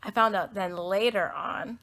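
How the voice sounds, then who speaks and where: A podcast host, she's a young American woman whose medium-pitched voice is a bit bright and measured in pace. Her heartfelt personal story comes out rambling and earnest, full of "um" and "like".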